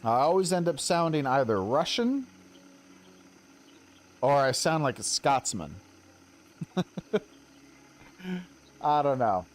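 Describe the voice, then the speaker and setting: A man's voice: mid-range voice, very animated, takes it slowly, long pauses. Chatty man with a Western American accent. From Colorado. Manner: rambling, chatty, self-deprecating. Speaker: game streamer. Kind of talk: casual chat while streaming a game.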